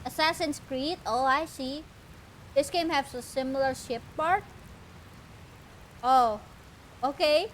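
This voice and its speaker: A woman's voice: high voice, measured pace, slight background noise. A woman streamer chatting casually and giggly while playing a game.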